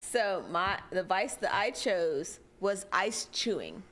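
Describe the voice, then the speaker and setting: A woman's voice: mid-range voice, lively intonation, slow, a bit bright, slight background noise. A woman with an American Northern accent co-hosting a casual podcast game night, giggling and reading chat comments aloud. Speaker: podcast co-host.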